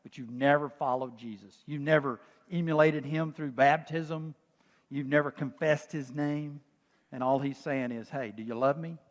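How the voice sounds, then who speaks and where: Slow-preaching man in a reverberant church. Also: fairly high pitch, fairly even intonation. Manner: speaks sung lyrics softly, then preaches with quiet urgency. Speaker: pastor. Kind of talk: sermon. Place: church sanctuary.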